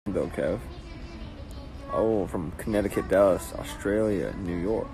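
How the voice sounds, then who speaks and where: A man's voice: deep voice, unhurried, over music. A man hosting a casual phone livestream, rambling and joking as he greets viewers in a cafe. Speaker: livestream host. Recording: noisy phone livestream audio.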